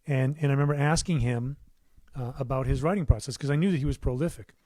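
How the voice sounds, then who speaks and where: Middle-aged male musician, relaxed rambling livestream host, dry close studio sound. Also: mid-range voice, fast talker, no echo. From United States. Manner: rambling, warm asides, many fillers and restarts. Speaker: musician hosting his own livestream. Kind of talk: casual livestream chat. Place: his home recording studio.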